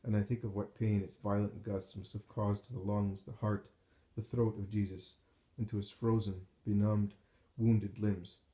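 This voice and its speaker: Give me a solemn male narrator reading devotional text, low and mellow, with a roomy echo. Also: level tone. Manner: slow, solemn, measured reading.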